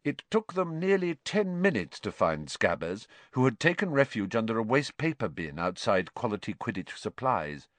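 A man giving expressive scripted narration of a storybook audiobook. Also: fairly low pitch, moderate pace, few pauses, dry recording.

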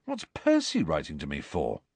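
A grumpy teenage boy who answers short and sulky, a little lower than the telling voice, as a male audiobook narrator does him. Close, dry storybook reading with lively inflection. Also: normal speed, slightly rough, dry recording, exaggerated voice. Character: grumpy, harried teenage schoolboy.

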